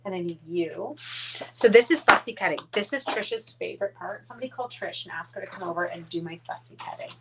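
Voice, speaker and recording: This Canadian card-making demonstrator chats casually through a live-stream craft demo in a mid-range voice, fairly quick. She rambles, mutters asides under her breath, and talks to her dogs, all over very noisy audio.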